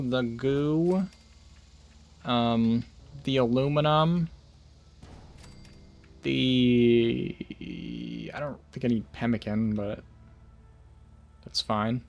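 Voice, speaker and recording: A man casually chatting to his viewers while playing a game on a livestream, rambling with jokey asides. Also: mid-range voice. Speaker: streamer. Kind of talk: casual gaming livestream chat.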